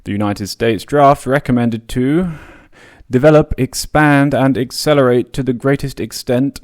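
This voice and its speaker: A man's voice: medium pitch, measured pace, darkish tone. A man hosting a podcast, reading and paraphrasing a history book aloud, with casual asides and the odd stumble over a word. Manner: reads long quotes with casual spoken asides; occasional stumbles and restarts on words. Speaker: podcast host.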